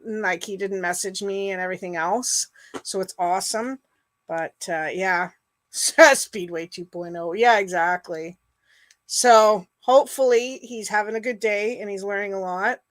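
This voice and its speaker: Greeting viewers by name, a middle-aged woman hosting a casual livestream chats and rambles with many fillers. Her mid-range voice has a fairly bright tone, and there is no echo.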